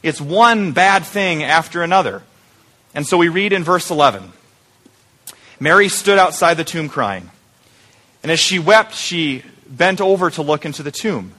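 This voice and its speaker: Bright-voiced male pastor preaching. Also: on the high side, measured pace. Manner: conversational, animated, rhetorical questions. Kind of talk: Easter sermon.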